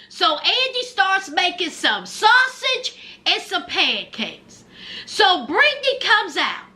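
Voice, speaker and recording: High lively sassy woman recapping. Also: takes it slowly. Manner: sassy, dramatic, acts out quotes. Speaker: reality TV recap commentator. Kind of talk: casual recap commentary.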